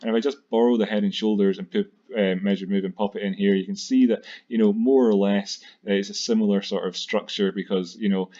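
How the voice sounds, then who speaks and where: Fast-talking man, low flat voice. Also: muffled recording. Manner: fast-talking, with many fillers and self-corrections. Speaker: crypto chart analyst, channel host. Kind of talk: screen-share technical analysis commentary.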